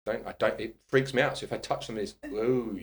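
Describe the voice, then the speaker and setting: A quick-paced man with a medium-pitched voice, a personal trainer guesting on a podcast, tells a casual anecdote. He's an animated storyteller who swears heavily and laughs a lot.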